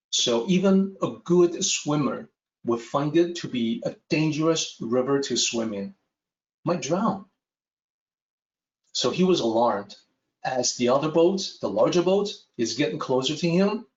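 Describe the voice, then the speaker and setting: A man teaching a Taoist text, telling a traditional story in a measured lecture style. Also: on the high side, distant mic. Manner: slow, measured, with lively rises and falls. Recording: echoey room, dull sound.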